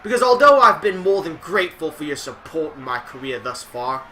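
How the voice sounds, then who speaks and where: A vengeful male wrestler with a wobbly Scottish accent, voiced by a man reading his lines aloud. He speaks in a solemn, dramatic promo cadence. His voice sits fairly high and rings bright and forceful. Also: a little fast. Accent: put-on Scottish, admittedly poor.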